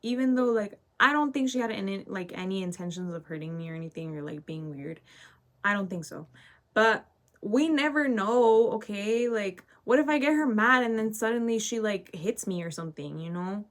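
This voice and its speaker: A teenage vlogger with a medium-pitched voice tells a casual story at a moderate pace while getting ready. She rants, leans heavily on fillers, and keeps tagging her lines with "okay?"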